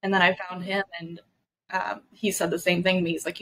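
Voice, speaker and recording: With a lowish, level, slightly bright voice, this woman talks briskly as she co-hosts a podcast. In her twenties, she tells stories in relaxed chat, laughing and swearing, though the audio is poor.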